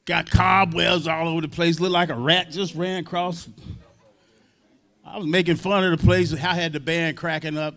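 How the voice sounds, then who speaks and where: A man's voice: fairly high pitch, flat delivery, normal speed, a bit bright. A man, a drummer, telling a funny, heartfelt story from the stage at a public event, loose and casual with mild swearing. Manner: loose, humorous, swears casually, acts out quotes. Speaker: drummer and guest speaker.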